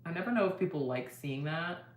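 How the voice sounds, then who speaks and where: A woman's voice: low-pitched, lively intonation, fairly quick, a little hiss or hum. A young woman vlogger chatting casually with viewers while doing her makeup, answering their comments as she goes. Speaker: beauty vlogger.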